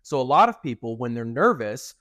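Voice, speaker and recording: A man's voice: medium pitch, big pitch swings, fairly quick, a bit bright, no echo, clean studio sound. Young man explaining on a podcast. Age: young adult. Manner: explanatory, demonstrates intonation with his own voice. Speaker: podcast co-host. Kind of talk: casual podcast conversation.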